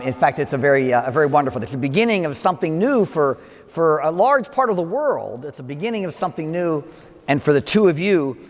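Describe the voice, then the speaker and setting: An older man giving a wedding homily as a priest, telling a story with asides and gentle humor. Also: a little high. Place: church. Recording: long church reverb.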